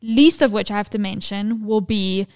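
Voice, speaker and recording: A woman's voice: mid-range voice, normal speed, darkish tone. A woman co-hosting a casual parenting podcast, teasing her co-host in a dry way. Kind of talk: casual chat.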